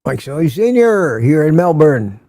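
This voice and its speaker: Older male host, casual live-stream chatter, friendly roll-call of viewers, mellow tone, dry close sound. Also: fairly high pitch, big pitch swings, normal speed, no room sound. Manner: chatty, greets viewers by name, laughs often.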